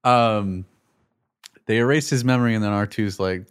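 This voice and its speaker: A young man with a fairly low voice, chatting as co-host in a casual movie review. He is animated and sarcastic, laughing often as he picks the plot apart. The talk is loose and conversational. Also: moderate pace, clean tone. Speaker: podcast co-host.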